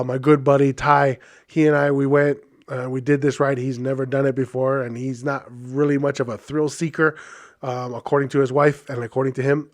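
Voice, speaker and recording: Chatty man telling a story. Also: mid-range voice. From Hawaii. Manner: chatty, animated, many fillers and asides. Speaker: podcast host. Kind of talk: casual storytelling.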